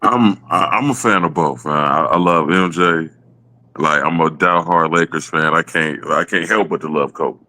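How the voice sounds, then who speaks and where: A man talking casually about basketball in an easygoing, halting way. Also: very deep voice, sharp tone. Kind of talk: casual sports debate.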